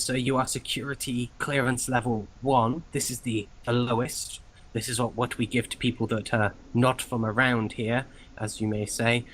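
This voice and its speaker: A man's voice: mid-range voice, fairly bright tone, low-quality recording. A man voicing a nervous, overly polite male information clerk who stammers and apologizes.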